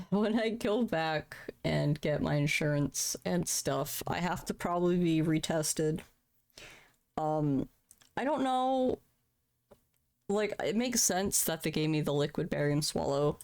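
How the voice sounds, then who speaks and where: A woman's voice: sits low, expressive, slow, long pauses, a little mellow. A woman live-streaming in casual chat, candid and profane, laughing at her own troubles.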